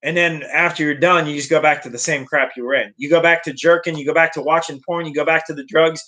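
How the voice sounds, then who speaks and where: A man's voice: fairly high pitch, steady tone, quick pace, bright, forceful tone. A young man talking earnestly to camera in a casual motivational vlog, often repeating and restarting his phrases. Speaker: vlogger.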